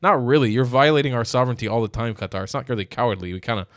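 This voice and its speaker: A man hosting his own channel, giving blunt, profane, excitable reaction commentary. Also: medium pitch, rapid-fire, no room sound, studio quality. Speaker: political commentator, channel host.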